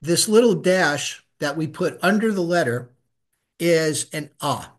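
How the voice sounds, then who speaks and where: A man's voice: a little high, expressive, unhurried. A middle-aged man teaching a Hebrew reading class, patiently saying each sound and having the students repeat it. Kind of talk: live class instruction.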